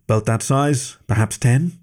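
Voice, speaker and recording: A calm, dutiful fox swordswoman who answers in an even, dry voice, as a male narrator puts her on, a little higher than his own telling. Her delivery stays composed in an audio story. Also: a little slow, natural voice.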